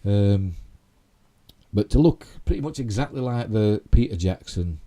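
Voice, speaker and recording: A man's voice: on the low side, animated, unhurried, warm tone. A man with a Yorkshire accent hosting a casual live stream, rambling through geek news with lots of "you know" and tag questions. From Yorkshire, England.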